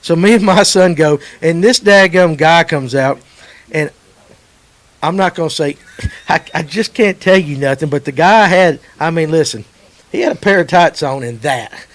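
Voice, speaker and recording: A man with a drawl hosts casual fishing talk in a noticeably high voice. He rambles through jokey anecdotes and cracks himself up along the way. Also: moderate pace. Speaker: podcast host. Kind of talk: casual joking chat.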